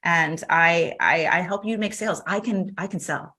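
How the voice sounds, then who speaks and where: A woman guest on an interview show, telling her story in a lively, chatty way and acting out the other people's lines as she goes. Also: fairly low pitch, moderate pace. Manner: animated, acts out quoted dialogue, laughs often. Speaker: podcast guest.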